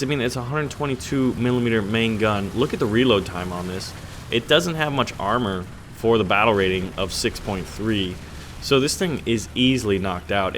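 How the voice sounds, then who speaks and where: A man's voice: lowish voice, a bit bright, slight background noise. A man hosting a gaming channel, chatting casually over his gameplay in a rambling, joking way with lots of fillers and restarts.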